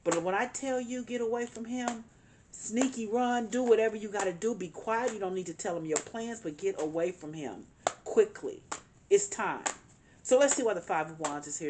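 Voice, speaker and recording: Female tarot reader, mid-pitched, earnest, emphatic delivery that repeats its warnings. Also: normal speed, background noise. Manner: calls on spirit guides. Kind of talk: tarot reading monologue.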